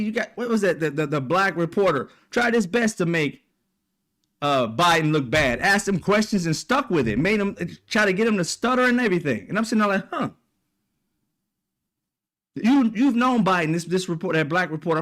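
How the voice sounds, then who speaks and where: Profane, heated high-voiced man. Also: a bit bright. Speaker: commentary channel host. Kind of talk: ranting opinion monologue.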